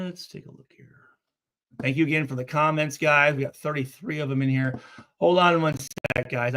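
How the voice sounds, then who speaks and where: Animated, profane man with a stutter. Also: fairly high pitch. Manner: profane, animated, repeats himself; stutters, restarts often. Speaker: vlogger reading comments. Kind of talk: casual comment reaction.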